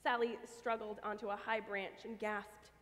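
A woman reading a children's story aloud at a church service, expressive and lively. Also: medium pitch, normal speed. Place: church sanctuary. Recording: long church reverb.

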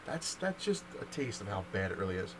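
A man's voice: fairly low pitch, sing-song, brisk, background noise. A young man in a casual vlog, telling a long story with lots of fillers and restarts. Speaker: vlogger. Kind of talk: casual rant to camera.

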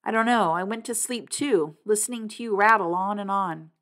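Woman playing quiet shy teen boy, soft and gentle, storybook. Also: mid-range voice, normal speed, close to an everyday voice. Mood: drowsy.

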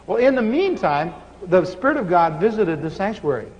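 A man preaching, telling stories with animated laughter. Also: high-pitched, moderate pace. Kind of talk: sermon storytelling. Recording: muffled hall recording with faint hiss.

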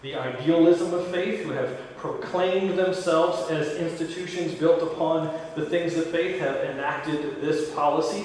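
A man's voice: on the high side, animated, normal speed, few pauses, darkish tone, slight background noise. Man preaching in an echoey church. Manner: conversational preaching with asides and quoted dialogue. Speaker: pastor. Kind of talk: sermon. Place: large church sanctuary. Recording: echoey church hall from far off.

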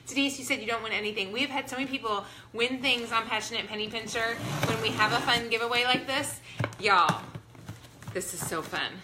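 A woman hosting a live unboxing from her home, bubbly and excited, greeting viewers by name. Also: on the high side, fairly quick. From Ohio, US. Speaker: product review livestream host. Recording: echoey room with background noise.

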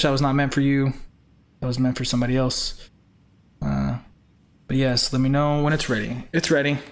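A man's voice: on the high side, a bit bright. A young man hosting a live game stream in casual chat, greeting viewers by name and firmly repeating himself.

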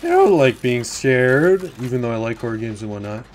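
Man, casual gameplay commentary, jittery, mumbled worry, sudden swearing, occasional whisper, average pitch, faint background hiss. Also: very animated, normal speed. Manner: drops to a whisper at times. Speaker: gaming YouTuber.

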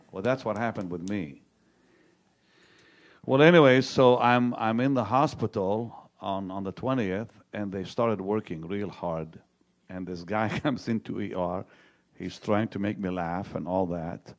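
A middle-aged male pastor telling his own story to a live congregation, halting and repeating words, dropping to a hushed tone when he retells what was said to him. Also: lowish voice. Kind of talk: testimony preached to a live audience.

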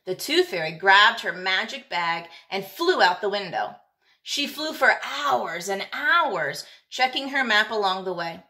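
Expressive woman reading aloud to kids. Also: mid-range voice, a little slow. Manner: expressive, lilting storytelling. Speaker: teacher. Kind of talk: reading a picture book aloud.

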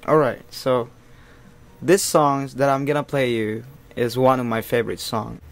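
A man's voice: mid-range voice, little pitch movement, a little slow. A man from the Philippines, chatting humbly and apologetically on a video call. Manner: soft-spoken, humble, apologetic. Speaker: street-style singer on video chat. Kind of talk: casual video chat. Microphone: laptop or phone on video chat. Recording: guitar playing loudly behind. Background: acoustic guitar.

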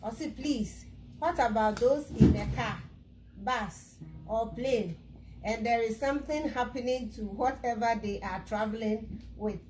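Casting: female co-host, slightly high voice, relays questions, faint noise underneath. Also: unhurried, a little mellow, poor audio. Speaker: co-host reading viewer questions.

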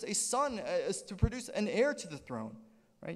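Man, pastor, sermon, high voice, reverberant hall. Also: normal speed. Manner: animated preaching with frequent "right?" check-ins. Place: church sanctuary.

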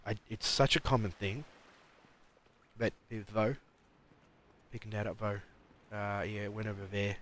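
A man's voice: lowish voice, little pitch movement, measured pace, long pauses, a bit bright, slight background noise. A man giving rambling live commentary while playing a game, mumbling and talking back at the enemies on screen. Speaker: streamer.

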